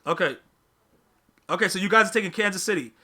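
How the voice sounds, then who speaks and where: A man's voice: high voice, fast talker, sharp tone. A man hosting a live podcast stream, chatting casually with his viewers, using slang, repeating himself and teasing the chat.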